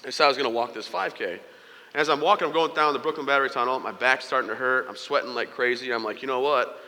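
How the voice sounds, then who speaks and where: A man's voice: mid-range voice, fast, pushed and bright, in a large hall. A young man giving a humorous motivational speech, telling stories with playful asides to the audience. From United States. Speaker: keynote speaker.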